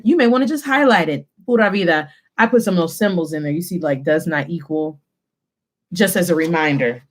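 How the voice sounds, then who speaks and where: A woman teaching a Spanish lesson, switching between English and Spanish and slowing down to stress key phrases. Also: medium pitch. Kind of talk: classroom lesson.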